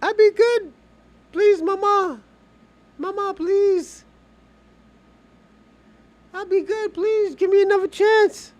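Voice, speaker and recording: A man voicing a frightened young child pleading with its mother in a high, whiny voice. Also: steady tone, slow pace, pauses often, a little mellow, lo-fi sound.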